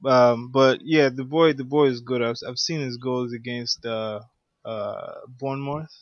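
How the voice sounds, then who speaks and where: A man co-hosting a relaxed podcast, talking hesitantly at a mid pitch with plenty of restarts and "um"s. His audio sounds slightly dull and lo-fi. The sound is dry. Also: measured pace, no room sound. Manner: hesitant, stammering with many "um"s. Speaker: podcast co-host. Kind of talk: casual chat.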